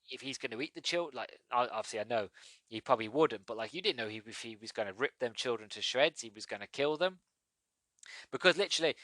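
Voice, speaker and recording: A man hosting a podcast, giving a casual movie review in a rambling, animated way with many restarts. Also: medium pitch, no echo. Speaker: podcast host.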